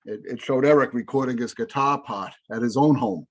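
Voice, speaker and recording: A man's voice: medium pitch, brisk. A middle-aged man co-hosting a casual podcast, rambling and correcting himself as he talks enthusiastically about albums. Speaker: podcast co-host. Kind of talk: casual chat about music.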